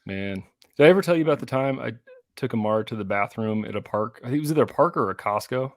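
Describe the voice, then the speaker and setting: A man in his thirties co-hosting a podcast, telling lively family stories in casual chat and acting out his kids' voices. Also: medium pitch, fast, dry recording, clean studio sound. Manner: animated storyteller, acts out kids' voices. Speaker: podcast co-host.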